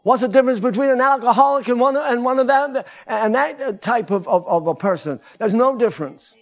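Male pastor preaching in a church, high voice, keeps building up to shouts. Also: fairly quick. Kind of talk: sermon. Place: church sanctuary.

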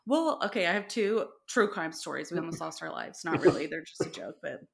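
A woman co-hosting a podcast tells stories in casual chat, animatedly acting out quoted dialogue and laughing often. Her voice is fairly low and fairly quick with vocal fry, and there is background noise.

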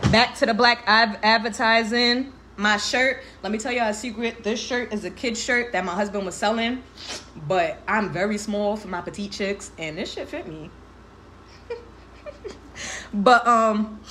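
Candid young woman, higher voice, laughing. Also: unhurried, pushed and bright, a little hiss or hum. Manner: candid, emotional, laughs often, heavy slang and swearing. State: tearful. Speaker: livestream host. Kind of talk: casual livestream talk.

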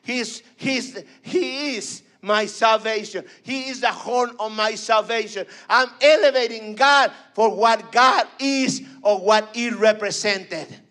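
A man's voice: high voice, measured pace, few pauses, sharp tone. A man preaching a fervent sermon, repeating phrases and calling for responses.

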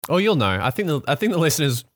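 A man with an Australian accent co-hosting a casual podcast chat while taste-testing snacks, animated and laughing. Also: racing. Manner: animated, laughing, lively pitch swings. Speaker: podcast co-host.

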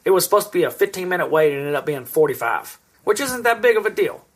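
Here the same kind of speaker, a man in his thirties co-hosting a podcast, spins long, rambling, profanity-laced stories in relaxed conversation. He talks quickly in a high, sing-song, husky voice.

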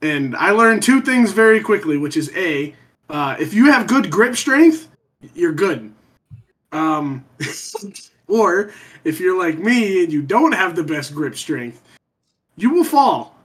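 A man's voice: high-pitched, big pitch swings, takes it slowly, fairly bright tone. A man telling a long rambling story in a casual podcast chat, swearing freely and trailing off with ums.

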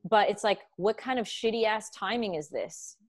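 Speaking at a moderate pace in a mid-range voice, this young podcast host keeps the chat casual and lively. Swearing comes frequently, and she performs quotes as she tells them.

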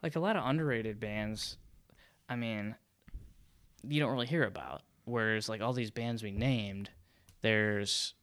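A man co-hosting a podcast, chatting casually and often pausing to search for words. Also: lowish voice, fairly bright tone, dry recording. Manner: hesitant, searching for words with many fillers. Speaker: podcast co-host. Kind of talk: casual chat.

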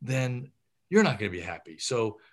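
A man's voice: mid-range voice, sing-song, normal speed. A middle-aged man, a surgeon, gives career advice in an interview, talking animatedly with many fillers and restarts.

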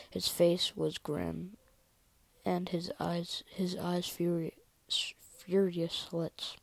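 A woman reading a story aloud in a soft whisper, with small slips and restarts. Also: on the low side, creaky, no room sound, low-quality recording.

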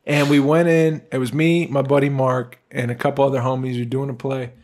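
A young man co-hosts a relaxed podcast chat. He tells his story with energy and laughs a lot. His voice sits at an everyday middle pitch. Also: a little fast. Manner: animated storyteller, laughs often. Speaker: podcast co-host. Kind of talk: casual chat.

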